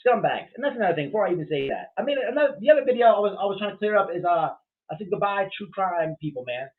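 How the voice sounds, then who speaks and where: Rapid-fire and high-voiced with lively intonation, this man hosts a casual livestream. He reacts to chat bluntly and with profanity, rambling through fillers and restarts over tinny, phone-like audio.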